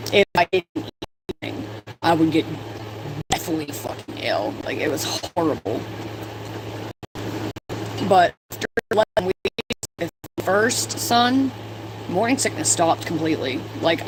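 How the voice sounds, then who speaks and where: A woman in her twenties telling stories in a casual, profane way while doing her makeup for a vlog. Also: mid-range voice. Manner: chatty, profane storytelling. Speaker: vlogger. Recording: steady background noise.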